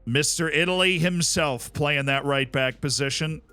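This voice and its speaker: A man's voice: fairly high pitch, moderate pace, sharp tone, faint music behind. A man streaming a sports management game, chatting wryly with his viewers. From Tampa, Florida. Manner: wry, chatty, talks to chat. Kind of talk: casual game commentary.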